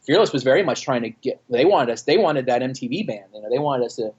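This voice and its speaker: He talks fast in a medium-pitched, slightly rough voice, and the audio is dull. A former frontman from Austin, Texas, he's telling profane, animated stories in a casual interview over an internet call, acting out quotes along the way.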